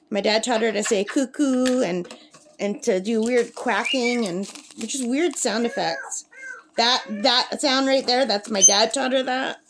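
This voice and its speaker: A woman's voice: on the high side, slight background noise. A woman chatting casually to camera at a lakeside camp, laughing often and cooing at her pet bird. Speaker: craft vlogger.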